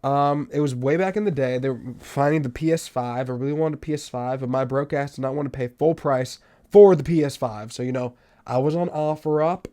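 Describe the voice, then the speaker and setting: A young podcast host tells stories in a casual, fairly quick monologue, his delivery swinging between loud outbursts and low mutters.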